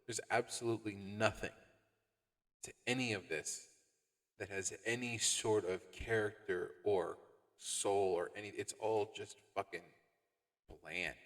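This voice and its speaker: A man's voice: lowish voice, steady tone, measured pace, a bit bright. A man hosting a commentary show, ranting sarcastically and swearing as he tears into a comic. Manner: sarcastic, exasperated, swears a lot. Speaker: commentary host. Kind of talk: profane review rant. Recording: long reverb.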